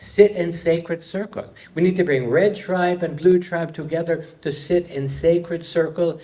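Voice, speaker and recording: A man's voice: fairly high pitch, measured pace, mellow. A man performing a live stand-up comedy set, delivering puns to an audience in a hall. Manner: punning, playful delivery with audience laughter.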